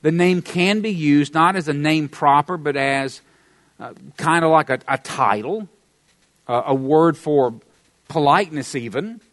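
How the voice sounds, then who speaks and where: A man with a Southern American accent preaches with rising emphasis, his voice swinging widely in pitch and volume. He is middle-aged, and his delivery carries a folksy, teasing streak. The sound is dry and close, with no room around it. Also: unhurried, a bit bright, dry recording. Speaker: pastor. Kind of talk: sermon.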